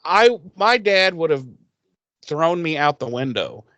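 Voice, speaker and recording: Male co-host, casual profane storyteller, slightly high pitch, dry recording. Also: big pitch swings, measured pace, pushed and bright, dry recording. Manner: loose, profane storytelling with frequent fillers. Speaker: podcast co-host. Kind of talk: casual chat recapping a TV episode.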